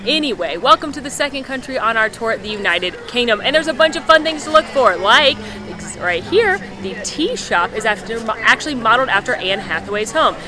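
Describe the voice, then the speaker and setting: A woman's voice: fairly high pitch, lively intonation, brisk, few pauses. A woman hosting a casual walking-tour vlog outdoors at a theme park, chatty and upbeat, joking and correcting herself as she goes. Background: music.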